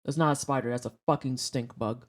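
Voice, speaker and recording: During a gameplay livestream, a streamer chats casually with viewers, swearing freely and joking around. The voice is medium-pitched, fairly even in intonation and a little fast.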